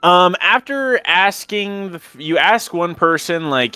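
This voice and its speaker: Male game master with a clear, dry voice and easygoing narration. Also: on the high side, expressive, moderate pace, few pauses, bright, forceful tone, no echo. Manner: casual, filler-heavy narration.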